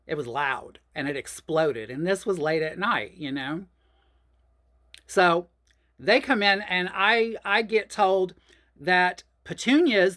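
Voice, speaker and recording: A woman, telling a personal story in a chatty, profane, animated way. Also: fairly low pitch. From New Orleans, USA. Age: 50s. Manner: animated, profane, chatty, addresses listeners as y'all. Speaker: host.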